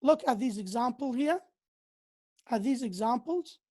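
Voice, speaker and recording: A woman's voice: on the high side, lively intonation, unhurried, mellow, husky. A woman lecturing on English grammar, repeating key phrases with occasional hesitations.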